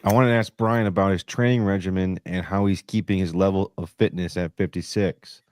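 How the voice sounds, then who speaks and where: A man co-hosting a podcast, blunt and quick to swear as he chats and puts questions to the guest. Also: sits low, steady tone, darkish tone, clean tone. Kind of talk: casual chat.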